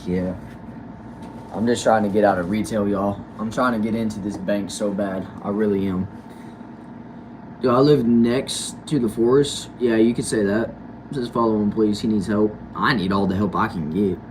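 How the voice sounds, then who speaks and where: A young man with a lowish voice chats loosely through a livestream, reading viewer comments aloud and answering each one. A steady hum sits behind him the whole time. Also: moderate pace. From Texas. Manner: reads comments aloud and answers them casually. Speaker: livestream host.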